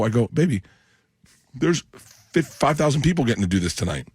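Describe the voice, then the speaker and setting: A man's voice: mid-range voice, sing-song, brisk, darkish tone, slightly rough, no room sound. A middle-aged man, a comedian guest in a radio studio, telling a rambling story and acting out the voices of the people in it. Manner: rambling, acts out quoted voices.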